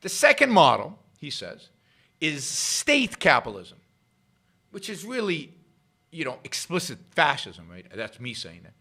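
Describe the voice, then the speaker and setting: A man hosts a solo commentary show, arguing point by point and driving ideas home through repetition. His pitch sits a touch high and swings widely as he presses each argument. The tone is bright and forceful. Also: huge pitch swings, a little slow, creaky. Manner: emphatic, argumentative, repeats phrases for effect. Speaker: show host. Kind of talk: solo political commentary livestream.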